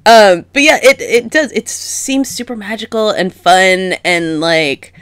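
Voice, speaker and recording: A woman co-hosting a podcast in casual chat, enthusiastic and quick to laugh. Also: mid-range voice, a bit bright, smooth, no echo. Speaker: podcast co-host.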